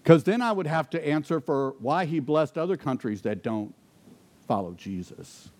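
A man preaching a sermon, asking rhetorical questions and dropping to quiet intensity for emphasis. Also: a little high, expressive, normal speed. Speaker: pastor.

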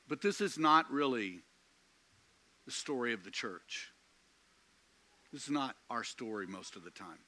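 Man preaching slow, big swings in pitch, bright edge, dry sound. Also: expressive. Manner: slow, emphatic preaching with dramatic pauses. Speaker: pastor. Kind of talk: sermon.

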